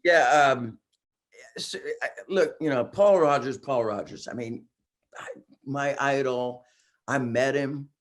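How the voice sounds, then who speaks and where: A man in his sixties, a singer guesting on a podcast, telling excited stories in casual chat and laughing often. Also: medium pitch, slow. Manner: excitable storyteller, laughs often, acts out quotes.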